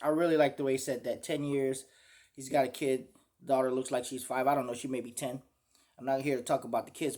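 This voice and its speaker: A commentator reacts to a clip, indignantly calling out the speaker, swearing, and asking viewers "y'all hear it?" His voice is medium-pitched with a darkish tone.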